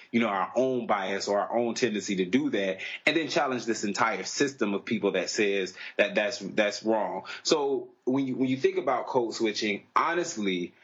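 Low husky man, casual podcast talk. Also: fairly bright tone. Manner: earnest, rambling, restarts often. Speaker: podcast co-host. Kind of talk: casual discussion. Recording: dull lo-fi podcast audio.

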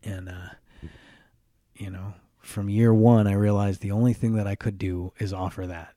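A man's voice: on the low side, steady tone, normal speed, mellow, no echo, studio quality. A man hosting a podcast, talking earnestly and reflectively on his own, often restarting phrases and adding "right?" asides. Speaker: podcast host. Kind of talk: reflective solo podcast monologue.

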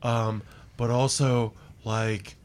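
A man's voice: mid-range voice, level tone, slow pace, a little mellow, smooth. A man co-hosting a podcast in casual chat, rambling and crude, always saying dude. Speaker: podcast co-host.

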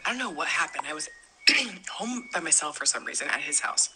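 Woman friend whispering a voice note story, very low voice, sharp bright edge. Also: lively intonation, a little fast, a little hiss or hum, poor audio. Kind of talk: casual storytelling.

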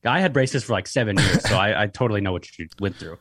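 A man's voice: on the low side, expressive, quick pace, a bit bright, dry recording, studio quality. Rambling young man, podcast guest. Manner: loose and rambling, with many fillers and the odd swear word. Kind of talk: casual podcast conversation.

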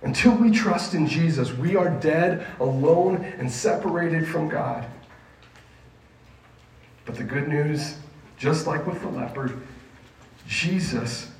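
A man preaching a sermon to a junior high group, emphatic and asking the listeners questions. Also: takes it slowly, long pauses, a little hiss or hum. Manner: emphatic, asks the audience questions. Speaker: youth pastor. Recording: echoey room, mic at a distance, faint ambience.

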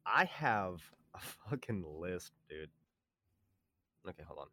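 A young man chats on a podcast, loose and laid-back, dropping curses and quick jokey asides. The sound is dry and close. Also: sits low, sing-song, bright, forceful tone, no echo. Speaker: podcast co-host. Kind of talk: casual chat.

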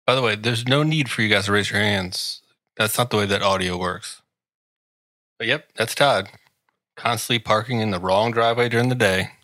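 A man's voice: lowish voice, bright, forceful tone, dry recording. A man reading a comedic ad with sarcastic, mock-grandiose flair, teasing the listener. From Washington, D.C. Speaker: podcast host reading an ad. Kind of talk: comedic ad read.

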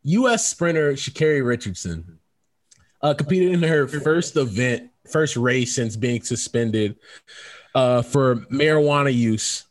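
A man's voice: medium pitch, animated, a little slow. A man co-hosting a podcast, joking and laughing through casual banter. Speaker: podcast co-host.

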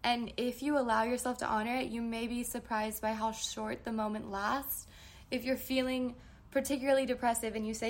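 A woman's voice: a little high, fairly even intonation, a little fast. A woman in her twenties hosting a casual solo podcast, answering listener questions in a candid, rambling way, trailing off and correcting herself. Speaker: podcast host. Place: New York.

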